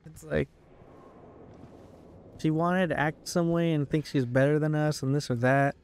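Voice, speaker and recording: A young man venting in a casual, rambling way while playing a game, swearing often and filling every pause with "like". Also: on the high side, steady tone, a little hiss or hum. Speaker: gaming YouTuber.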